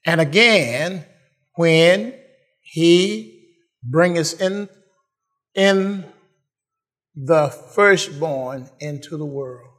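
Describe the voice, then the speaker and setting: A man preaching a sermon, repeating phrases and building to shouted praise. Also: a little high, extremely slow, long pauses.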